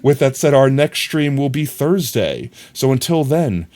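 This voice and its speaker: Animated, playful streamer man. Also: mid-range voice, a little slow. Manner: playful, joking, chuckles often. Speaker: live streamer. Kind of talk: casual live-stream chat.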